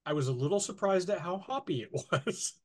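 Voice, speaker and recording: A woman from North Alabama co-hosting a podcast in casual chat, hesitant and quick to laugh. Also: on the low side, slightly rough. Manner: hesitant, lively, laughs easily. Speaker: podcast co-host.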